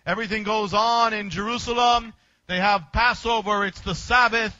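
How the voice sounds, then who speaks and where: A man preacher with a high, bright, forceful voice tells a story in short, emphatic bursts. The sound is dry and close, with a dull, lo-fi tone. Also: fairly even intonation, moderate pace, no echo. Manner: vivid, emphatic retelling in short punchy phrases. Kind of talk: dramatic sermon storytelling.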